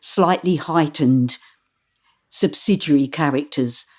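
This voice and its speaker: A woman who works as an audiobook narrator, chatting casually in an interview, animated and laughing often. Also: sits low, takes it slowly.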